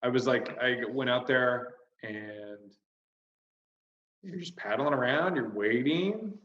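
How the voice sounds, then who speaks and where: A man's voice: mid-range voice, slow pace. Roomy-sounding man ranting casually. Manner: swears a lot, ranting and exasperated. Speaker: podcast co-host. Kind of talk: casual comedic chat. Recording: roomy, slightly dull sound.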